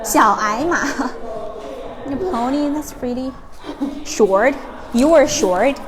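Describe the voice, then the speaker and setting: Woman, slow unhurried talk, slightly high voice, noisy outdoor ambience. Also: crowd noise. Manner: chatty, playful, switches between English and Mandarin. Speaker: travel vlog host. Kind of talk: casual on-location chat. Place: outdoors at a horse farm.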